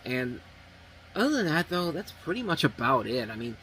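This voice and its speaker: A man reviews films in a loose, rambling way, blunt about what he dislikes and often breaking off mid-sentence to restart. His voice is bright and forceful, and a faint hiss of background noise sits under it. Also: mid-range voice, big pitch swings, normal speed, poor audio. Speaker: movie reviewer. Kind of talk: casual review talk.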